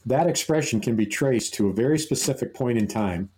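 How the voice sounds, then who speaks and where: A man's voice: medium pitch, lively intonation, a little fast, a little mellow, rough recording. A man co-hosting a podcast, telling an amused, rambling anecdote full of restarts. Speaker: podcast co-host. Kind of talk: casual storytelling chat.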